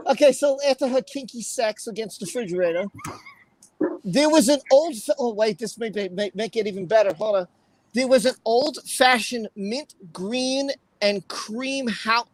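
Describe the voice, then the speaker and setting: A woman's voice: fairly high pitch, unhurried, no echo. A woman hosting a casual livestream, reading aloud, exclaiming often and breaking into laughter. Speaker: livestream host.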